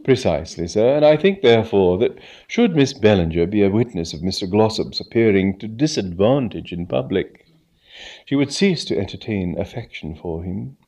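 A man voicing a calm, clever male valet who speaks softly in a measured, formal way. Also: fairly low pitch.

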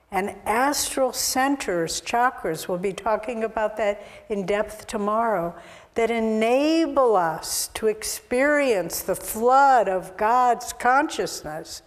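A woman spiritual teacher giving an earnest, exhortative sermon, recorded with long hall reverb. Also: on the high side.

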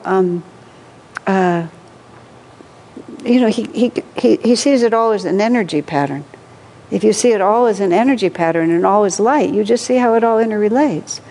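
A woman giving an informal spiritual talk to a group, telling stories warmly with frequent laughter and restarts. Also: medium pitch, moderate pace. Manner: warm storytelling, laughs often, many restarts and fillers. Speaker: spiritual teacher.

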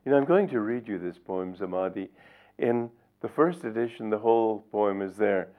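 A man's voice: on the low side, normal speed. An older man, a spiritual teacher, reading aloud from his book and commenting in a reflective storytelling manner. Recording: tinny lo-fi recording.

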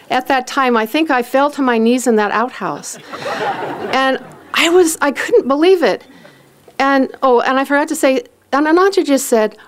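A woman with a fairly high voice tells her own story. She acts out the people in it, and laughter slips into her words again and again. Her delivery stays lively and personal. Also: normal speed. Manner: animated, acts out quoted voices; often laughs while talking.

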